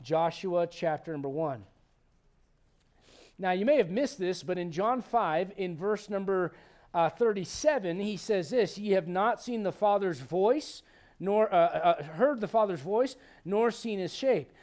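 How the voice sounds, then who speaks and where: High-voiced animated preacher man. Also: unhurried. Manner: animated, conversational preaching with frequent restarts. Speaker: pastor. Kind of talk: sermon.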